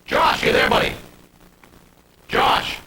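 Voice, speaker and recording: A man hosting a live TV call-in show, joking and teasing his callers in quick banter. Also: very high voice. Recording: noisy old broadcast tape.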